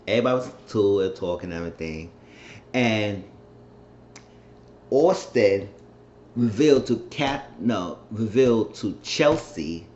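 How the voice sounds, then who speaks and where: Rambling low-voiced man recapping a show. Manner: rambling, animated retelling with mimicked quotes. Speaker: reality show recap vlogger. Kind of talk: casual episode recap. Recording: roomy, dull lo-fi sound with faint noise.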